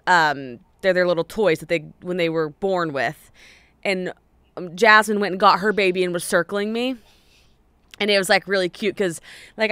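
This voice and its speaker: Smooth-voiced chatty young woman. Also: fairly low pitch, a bit bright, no room sound. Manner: chatty, rambling with restarts and laughs. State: pregnant. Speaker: podcast co-host. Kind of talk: casual chat.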